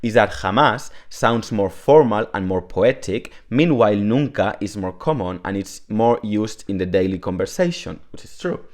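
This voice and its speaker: Casual lesson from a guy, lowish voice, rambles a lot with fillers and jokes at himself. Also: lively intonation, normal speed, few pauses, darkish tone. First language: Spanish. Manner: chatty, rambling, self-deprecating, filler-heavy. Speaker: Spanish teacher.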